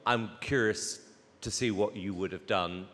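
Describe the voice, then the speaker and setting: A man judging a talent show, asking a contestant a question with lively curiosity. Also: lowish voice, unhurried, in a large hall. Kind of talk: questioning from the judges' table.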